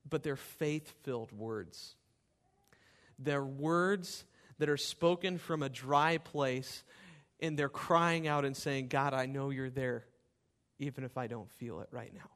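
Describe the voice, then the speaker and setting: A man's voice: slow pace, fairly bright tone. A man preaching a sermon, reading scripture with fervent, rising emphasis and then explaining it to his church. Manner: impassioned scripture reading, rising in pitch and volume. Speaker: pastor.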